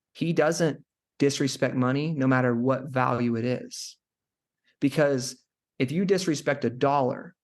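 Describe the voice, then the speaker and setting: A young man who is a chiropractor, a guest on a podcast, talking casually and rambling through stories with lots of "like" fillers. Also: mid-range voice. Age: young adult. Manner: rambling storyteller, many "like" fillers. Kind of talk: casual interview chat.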